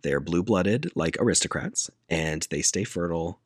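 A man casually retelling a movie plot to a friend, laughing often and quoting characters in a flat deadpan. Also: low-pitched, moderate pace, breathy edge, no echo, studio quality. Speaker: podcast co-host retelling a movie. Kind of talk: casual chat.

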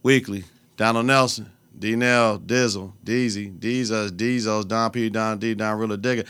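A young adult man hosting his own podcast, talking in a loose, profane, animated way and breaking into laughter as he tells stories. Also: on the low side, unhurried, clear, resonant tone, dry recording. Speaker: podcast host. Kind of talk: casual solo podcast rant.

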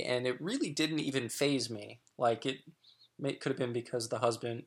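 Middle-aged male guest, frank, rambling storyteller, mid pitch. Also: a bit bright. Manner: frank, chatty, many fillers and restarts. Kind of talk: candid personal storytelling.

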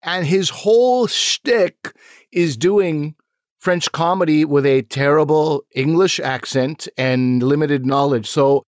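A man's voice: on the high side, slow pace, dry recording. Teasing man, dry close sound. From Montreal, Canada. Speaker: podcast co-host, comedian. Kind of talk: casual chat.

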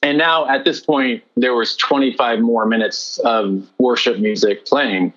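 Earnest man giving an excited testimony. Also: mid-range voice, measured pace, highs cut off. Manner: earnest, excited retelling with animated quoted lines. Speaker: guest. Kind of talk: testimony interview.

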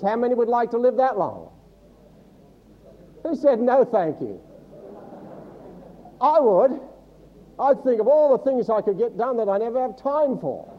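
Man, pastor, sermon in church, high voice, quizzes the congregation, jokey asides, muffled lo-fi sound. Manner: teaching Bible, quizzing the congregation with humorous asides. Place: church service before a congregation.

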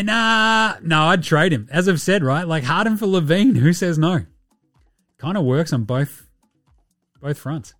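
A laid-back Australian man hosting a sports podcast, chatting casually in slang and swearing freely. His voice sits slightly high for a man, and the recording is dry and close, with faint music underneath. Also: no room sound. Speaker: podcast host.

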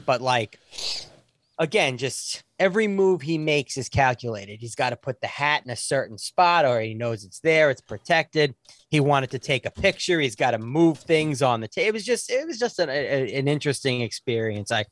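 A man in his forties telling a story in casual talk, animated and often restarting his sentences. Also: medium pitch, normal speed, no echo. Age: 40s.

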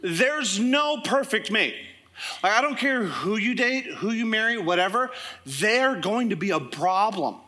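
A young man preaching in a church service, his voice strikingly high and bright. He tells funny stories with lively, animated delivery before the congregation. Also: a little slow. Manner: animated, joking storytelling. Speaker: pastor. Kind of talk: sermon.

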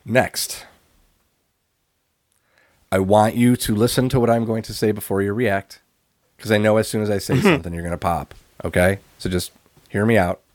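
A low-pitched man talks through old wrestling matches in a dry, deadpan play-by-play, cursing casually. The sound is close and dry, with no room around it. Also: moderate pace, long pauses, no room sound. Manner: deadpan play-by-play recapping, swears freely. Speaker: podcast co-host recapping wrestling. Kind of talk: casual chat.

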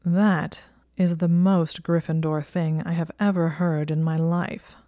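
A woman voicing a smug, sardonic teenage wizard boy who talks in a slow, mocking drawl. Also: lowish voice, little pitch movement, warm tone, no echo, studio quality, lightly acted.

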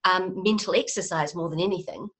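A middle-aged woman from New Zealand with a softened New Zealand accent, a guest chatting casually in a podcast interview, self-deprecating and rambling with many fillers. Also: on the low side, brisk, breathy edge. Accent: New Zealand, softened by years in England. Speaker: guest comedy writer.

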